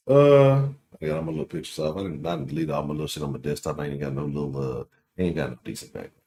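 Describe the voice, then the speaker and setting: A man in his late thirties hosting a casual sports talk livestream, full of profane trash talk and always checking in with "right?". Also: medium pitch. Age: late 30s. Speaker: sports talk show host.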